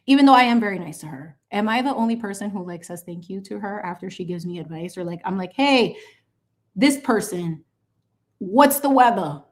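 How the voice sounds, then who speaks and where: A fast talker with a mid-range voice and hardly any pauses, she hosts a livestream while painting. Sassy, animated, and playful, she fills the chat with asides and mixes in some Spanish.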